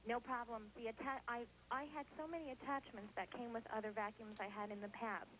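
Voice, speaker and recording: A woman from New Jersey rings in to a home shopping broadcast and raves in a chatty, gushing rush. Her voice sits slightly high, and a faint hiss runs under it. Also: steady tone, fairly quick, a bit bright, poor audio. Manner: gushing, chatty, laughs easily. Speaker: call-in viewer. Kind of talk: phone-in testimonial.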